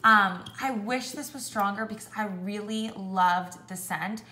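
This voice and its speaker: A young woman chatting casually through a product review, with lots of "like" and an animated way of telling stories. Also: mid-range voice, unhurried, slight background noise. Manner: chatty, heavy use of "like", animated when ranting. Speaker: beauty vlogger. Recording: echoey room.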